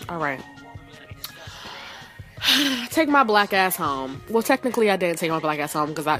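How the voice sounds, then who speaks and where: Woman with a lowish voice cussing through a storytime rant, super sassy, faint music behind. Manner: profane, animated, sassy storytelling.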